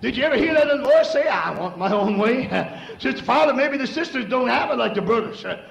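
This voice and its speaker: Middle-aged male preacher, very high and gravelly, fervent sermon delivery, echoey old church recording. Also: fast talker, lo-fi sound. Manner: fervent, rising to shouts and dropping low. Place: church sanctuary.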